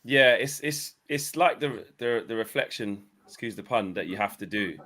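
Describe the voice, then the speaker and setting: A man's voice: medium pitch, expressive, moderate pace, bright, forceful tone. A man hosting a casual football panel chat, reflective and hesitant, restarting his sentences often. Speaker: football fan channel host.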